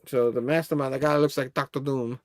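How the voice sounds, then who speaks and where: A man's voice: mid-range voice, fairly even intonation, fairly quick, darkish tone, no room sound, clean studio sound. A man hosting a casual comic book review. He rambles, laughs often and reads the characters' dialogue aloud.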